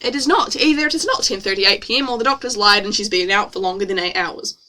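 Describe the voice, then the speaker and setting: A woman's voice: mid-range voice, quick pace, pushed and bright. A woman reading her own novel aloud as a streamer, with playful, self-mocking asides.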